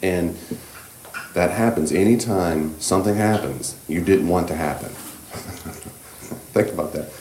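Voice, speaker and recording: Very deep-voiced man teaching a church class. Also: measured pace, reverberant, a little hiss or hum. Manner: gentle, reassuring, loose with fillers. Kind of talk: conversational church class lecture. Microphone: room microphone.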